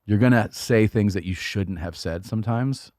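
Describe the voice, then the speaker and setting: A man's voice: on the low side, normal speed, a little mellow, no echo, clean studio sound. A man, a comedian guest on a podcast, talking in a rambling, profane, self-mocking way. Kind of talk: casual chat.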